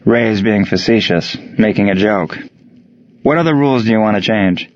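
A man voicing a calm, reasonable American team leader. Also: on the low side, moderate pace, no room sound, natural voice. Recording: dry, dull lo-fi sound.

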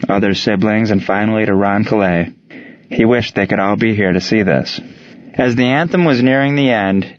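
A man reading a story aloud as narrator, in steady storytelling narration. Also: on the low side, dry recording, dull audio. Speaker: audiobook narrator. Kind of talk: scripted narration.

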